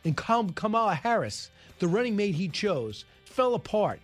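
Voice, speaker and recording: A man hosts a talk radio show from the studio, with a voice sitting a bit high for a man. He talks in an opinionated, emphatic way, full of quick asides. Faint music runs under him. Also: sing-song.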